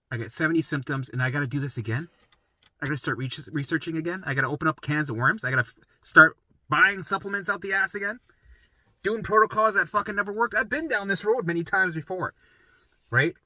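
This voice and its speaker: A middle-aged man telling his own story in a rambling, profane, animated way, often asking "right?" and jumping into acted voices. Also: brisk, no echo. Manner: acts out his own past voices in sudden pitch jumps. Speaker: vlogger sharing his recovery story. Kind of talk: casual storytelling monologue.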